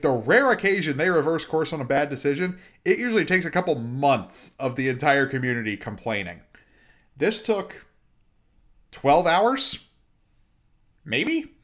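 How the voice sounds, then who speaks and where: A young man hosting a solo sports and gaming podcast, chatty and excitable, breaking into exasperated rants. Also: mid-range voice. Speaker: podcast host.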